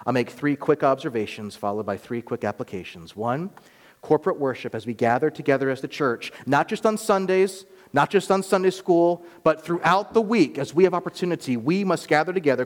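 A male pastor delivering a sermon, rising to emphatic peaks and dropping to quiet, earnest lines. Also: a little high, long reverb tail. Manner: preaching with rising emphatic swells and quiet drops. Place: church sanctuary.

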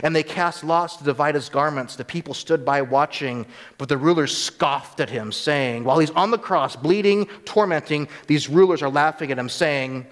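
A man preaches to his congregation with a fairly high voice that climbs hard on rhetorical questions. His delivery is earnest and emphatic. The sound carries a long church-hall reverb. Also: normal speed, few pauses. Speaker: pastor. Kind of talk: sermon.

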